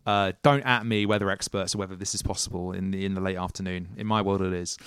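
A man's voice: sits low, fairly even intonation, fast, fairly bright tone, clear, resonant tone, no echo. A man narrating as game master, musing and hesitant, restarting his phrases and laughing often. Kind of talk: narrating a tabletop role-playing game.

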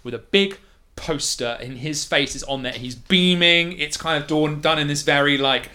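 A man narrating a tabletop game as game master in a chatty, lively way. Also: fairly high pitch, normal speed.

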